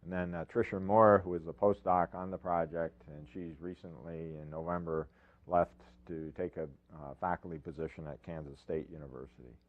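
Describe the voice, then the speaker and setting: An older man with a very deep, low voice gives a research talk to a room of professionals. He is from upstate New York and speaks in a halting, friendly way with many fillers and restarts. The sound is narrow and phone-like. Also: steady tone. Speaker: university researcher presenting. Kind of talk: informal technical presentation.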